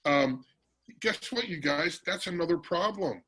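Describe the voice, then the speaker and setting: A man presenting a business workshop in a virtual meeting, energetic and teasing, calling on audience members by name. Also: on the high side, unhurried, breathy edge, low-quality recording.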